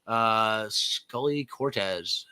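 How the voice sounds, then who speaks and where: A male host in easygoing conversation, reading comments aloud and chuckling often. His voice is bright and forward, his talk loose and profane. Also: lowish voice, drawn-out words. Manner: laughs often, reads viewer comments, swears casually. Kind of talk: casual livestream chat.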